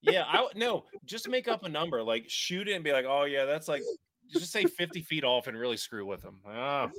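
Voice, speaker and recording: A man co-hosting a podcast, teasing his co-hosts in quick casual banter. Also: on the high side, very animated, pushed and bright, dry recording, studio quality. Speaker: podcast co-host. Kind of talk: casual chat.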